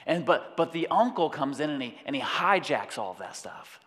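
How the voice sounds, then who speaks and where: Man preaching, kinda high voice, long echo off the hall. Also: moderate pace. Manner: animated preaching, acting out voices. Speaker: pastor. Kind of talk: sermon.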